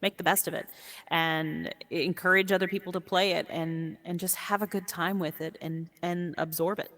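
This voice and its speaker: Lively woman with a long echo. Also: on the low side, moderate pace. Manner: warm, animated, laughs easily. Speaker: guest, VR sport caster. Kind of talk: casual interview chat. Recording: long echoey reverb.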